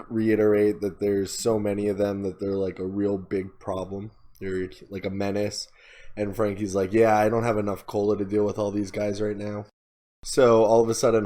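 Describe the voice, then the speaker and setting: A man's voice: fairly low pitch, mellow. A man co-hosting a podcast, casually recapping a story and quoting characters in his own voice, with lots of "like" fillers. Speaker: podcast co-host.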